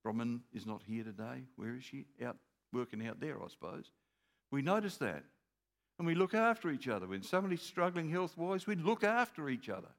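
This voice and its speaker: A man's voice: mid-range voice, very animated, a little fast, vocal fry. An older man, preaching a sermon in an earnest, repetitive way that builds in emphasis. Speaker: pastor.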